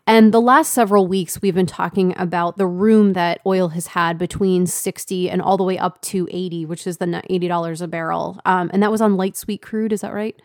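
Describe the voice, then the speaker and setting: A woman's voice: lowish voice, fairly even intonation, a little fast, hardly any pauses, a little mellow, no room sound, studio quality. A woman co-hosting a casual market talk show, conversational and laughing easily, with lots of fillers. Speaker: co-host.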